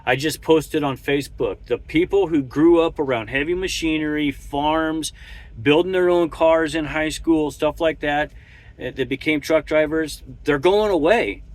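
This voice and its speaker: A man's voice: on the high side, measured pace. A man who drives a truck talks casually from his cab, rambling with many restarts and chuckles. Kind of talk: casual monologue while driving.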